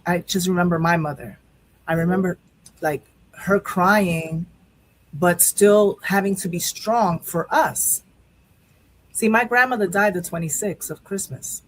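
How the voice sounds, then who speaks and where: A woman's voice: on the low side, unhurried, pauses often, low-quality recording. A woman hosting a live talk show, speaking candidly and emotionally about grief, rambling with many restarts. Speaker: show host.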